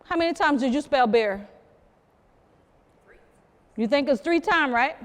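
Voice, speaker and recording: A lively South Carolina storyteller with a high-sitting voice speaks a little slowly to a live crowd in a museum program room, teasing them and talking straight to them. The recording has a big-room sound.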